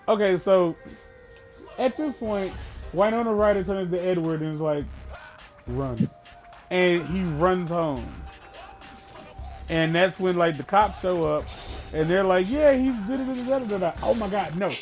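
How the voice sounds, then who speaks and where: Man, high voice, gaming podcast co-host, casual and profane, animated storytelling, loud bursts of emphasis. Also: moderate pace, soft background music. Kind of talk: casual chat, retelling a film.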